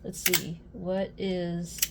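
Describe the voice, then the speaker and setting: A young adult woman chatting casually while unboxing a fidget toy, easily amused and quick to exclaim. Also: fairly low pitch, little pitch movement, creaky, heavy background noise.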